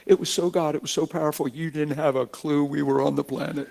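A preacher voicing an excited young mother in a story, high and breathless. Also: brisk, gravelly, noisy background. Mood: awed. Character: excited young mother spotting her pastor.

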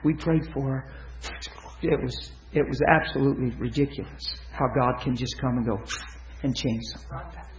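A man preaching, telling stories to his listeners, swinging from loud excitement to hushed tenderness. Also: mid-range voice, fairly quick, roomy sound, dull audio. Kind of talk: sermon storytelling.

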